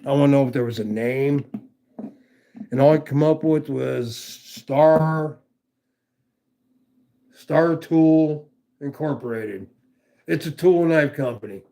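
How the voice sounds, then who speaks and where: A man with a gravelly, rough-edged voice rambles through a casual knife review on a live stream. He swears freely and keeps breaking off to greet viewers by name. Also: fairly high pitch, slow pace, long pauses, warm tone. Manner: rambling, profane, chatty with viewers. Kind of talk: casual livestream chat.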